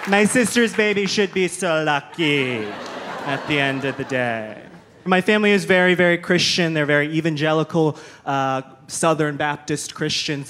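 A man's voice: on the high side, fairly bright tone, slight background noise. A young man performing a stand-up comedy set, chatty and self-deprecating. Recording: comedy club with laughing crowd. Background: audience laughter.

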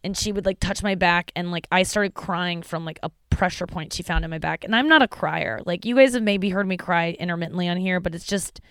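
Woman podcast host, lower-pitched, rambling confessional with swearing, on the edge of tears. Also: brisk, few pauses, clear, resonant tone, no room sound. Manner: frank, rambling and profane, emotional and close to tears. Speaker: podcast host and stand-up comedian. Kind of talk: candid personal monologue.

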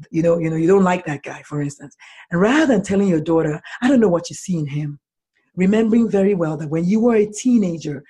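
A woman author answering interview questions, animated and acting out bits of dialogue as she talks. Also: fairly low pitch, husky. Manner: animated, acts out dialogue in lively voices. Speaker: author guest.

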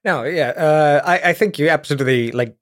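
A man's voice: fairly high pitch, a little fast. Earnest self-critical male co-host. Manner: earnest, self-deprecating, many restarts. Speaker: podcast co-host. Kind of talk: casual podcast chat.

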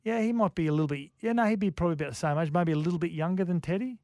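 A man's voice: high-pitched, rapid-fire, a little mellow, no room sound, studio quality. A man with an Australian accent co-hosting a radio sports show, reading out listener texts and trading jokes in casual chat. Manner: reads listener texts, tells jokes, easygoing banter. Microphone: studio microphone.

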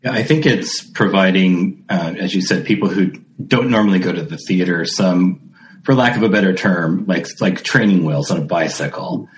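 A man's voice: low-pitched, moderate pace, reverberant, low-quality recording. A man hosting a theatre podcast, talking casually with lots of fillers and self-corrections. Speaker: podcast host. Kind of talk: casual interview chat.

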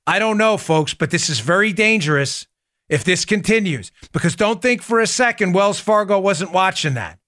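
Male political talk host, indignant and animated, high bright voice. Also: normal speed. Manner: animated, indignant, often addresses listeners as folks. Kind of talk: political commentary talk show.

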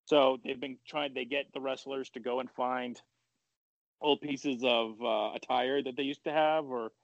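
A man hosting a casual podcast chat, running through news points in a relaxed way. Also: mid-range voice, measured pace, dry recording, lo-fi sound. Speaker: podcast host.

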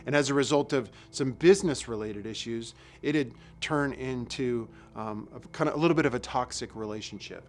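A middle-aged man preaching a sermon in a relaxed, conversational way, telling stories with asides and repeated phrases. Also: mid-range voice, brisk, few pauses. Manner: conversational, storytelling with asides and repetitions. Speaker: lay preacher.

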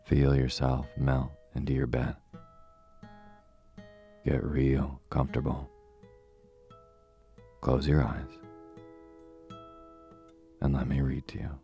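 A man's voice: very deep voice, takes it slowly, gravelly, pauses often, soft background music. A man hosting a bedtime story show, chatting informally and then reading a story aloud in a soothing way. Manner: relaxed, informal. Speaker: bedtime story podcast host.

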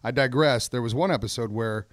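A man's voice: medium pitch, brisk, no echo, studio quality. A man co-hosting a casual gaming podcast, rambling and laughing as he tells stories. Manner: rambling, laughs often, trails off. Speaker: podcast co-host. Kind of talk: casual chat.

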